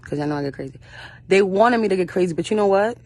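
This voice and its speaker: A woman's voice: medium pitch, expressive, fast, darkish tone. A young woman, an actress speaking as a guest in an interview, telling personal stories bluntly and fiercely, cursing often and acting out other people's voices. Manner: blunt and fiery, with frequent cursing; acts out quoted voices of her mother and others. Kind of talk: passionate storytelling in an interview.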